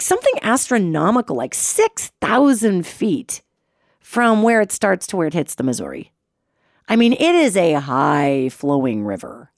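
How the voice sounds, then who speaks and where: A middle-aged woman hosts a radio show and tells a story with great energy, her voice swooping high and low. She sits close to the mic in a dry, deadened space. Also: dry recording. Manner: expressive, swoops in pitch, imitates sounds. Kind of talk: animated personal storytelling.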